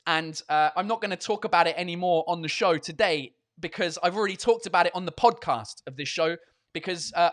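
A man's voice: high voice, fairly bright tone. A tired man hosting a comedy podcast and livestream, chatting in a rambling, self-mocking way and swearing freely. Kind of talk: casual rambling chat.

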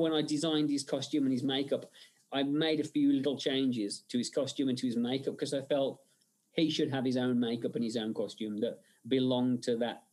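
A film director, appearing as a guest in a conversational interview, talks at length as a rambling storyteller with frequent fillers and restarts. His voice is medium-pitched and a little mellow.

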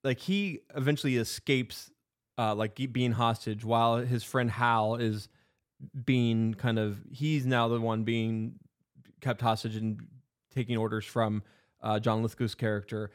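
A man's voice: mid-range voice, steady tone, a little slow. A man casually retelling a movie's plot, rambling with lots of fillers and restarts. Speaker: podcast co-host.

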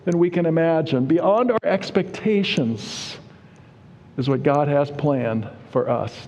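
A man's voice: fairly high pitch, slow pace, darkish tone, highs cut off. A male pastor preaching a sermon in a conversational way, often asking the congregation "Amen?". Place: church sanctuary. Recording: long reverb of a church hall.

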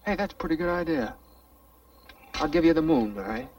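A man's voice: high-pitched, sing-song, fairly quick, creaky, darkish tone, far from the mic, full character voice, low-quality recording. An actor playing an eager young man courting a woman, talking in a wavering, boyish way, heard from an old film soundtrack. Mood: dreamy, eager.

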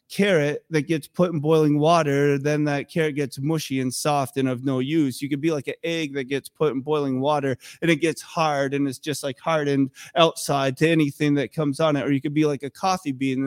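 An American man preaching a sermon as pastor, telling the story with animated acted-out quotes. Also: medium pitch, no echo, studio quality.

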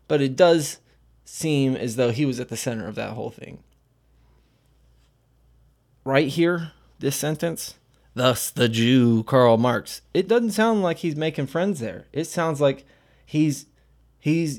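A man's voice: a little high, darkish tone. A man streaming casual commentary while reading aloud, rambling with many fillers and blunt profanity.

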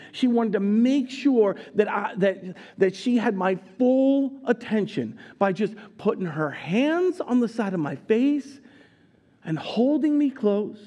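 A pastor delivers a live sermon in a church sanctuary, bantering with his congregation and laughing often. His voice sits high with a dark tone, and the recording sounds muffled.

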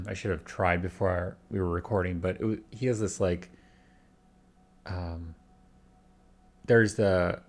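A man's voice: low voice, takes it slowly, pauses often, darkish tone. A man chatting casually on a podcast, rambling with many restarts and hedges. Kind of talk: casual chat.

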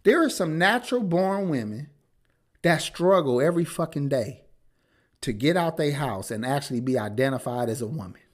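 A man hosting a casual podcast, telling crude stories in a profane, animated way and laughing often. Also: a little high, normal speed. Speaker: podcast host.

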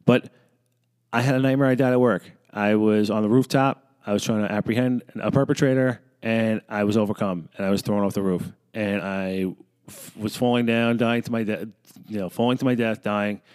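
A man's voice: lowish voice, fairly even intonation, normal speed, darkish tone, clean tone. A man in his thirties, a fitness coach, talking bluntly and profanely in a rambling casual monologue.

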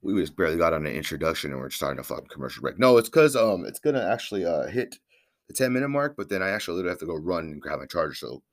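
A man's voice: sits low, very animated, rapid-fire. A man hosting his own podcast alone, talking in a rambling, profane, hyped-up way. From Northern California. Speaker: podcast host. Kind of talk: casual solo podcast monologue.

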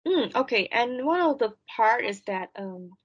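A woman on a podcast recapping a TV series, halting with frequent ums. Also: fairly high pitch, animated, breathy edge, highs cut off. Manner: hesitant, many ums and restarts. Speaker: podcast co-host. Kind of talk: casual chat, recapping a show.

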